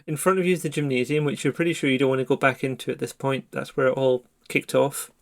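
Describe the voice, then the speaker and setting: A man running a horror tabletop game as game master, describing scenes in measured narration. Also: mid-range voice, steady tone.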